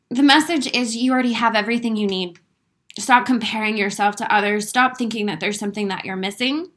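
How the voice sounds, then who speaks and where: A woman's voice: a little high, a little fast, a bit bright. A woman giving an emotional, spiritual motivational talk to her viewers. She speaks with earnest conviction, swears freely and laughs through her emotion. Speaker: inspirational speaker.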